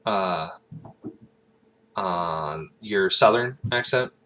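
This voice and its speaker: A man talking through a casual, rambling vlog, leaning on fillers and laughing along as he goes. His voice sits low but comes across bright and forward. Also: very slow. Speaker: aspiring actor, vlogger.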